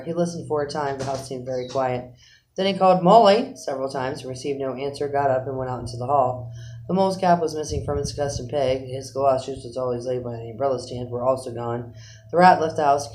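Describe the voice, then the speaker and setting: A man narrating a children's animal story aloud in an expressive storytelling manner. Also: mid-range voice, slight background noise, poor audio. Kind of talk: storybook reading.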